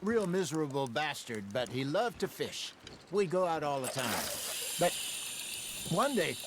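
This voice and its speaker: A genial older outlaw spinning wry folksy tales in a fairly high, lively voice. The game audio carries loud background noise. He talks like a seasoned storyteller.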